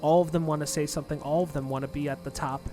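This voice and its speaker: A man voicing a troubled young woman who speaks quietly and sounds distracted. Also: fairly high pitch, steady tone, racing, faint music behind, close to an everyday voice.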